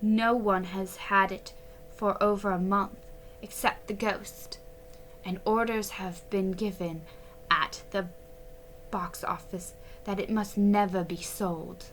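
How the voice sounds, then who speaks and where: A woman narrating a classic ghost story aloud in an unhurried storytelling manner, with a few slips and restarts. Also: mid-range voice, steady tone, fairly bright tone, a little hiss or hum. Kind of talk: reading a classic novel aloud.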